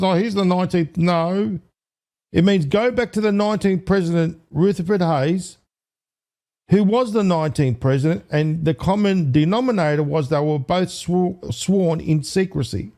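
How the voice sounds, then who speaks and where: An excitable man with a fairly high voice, hosting a casual online commentary. He counts aloud, stumbles, and corrects himself, and he calls out to his viewers as ladies and gentlemen. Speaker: online video host.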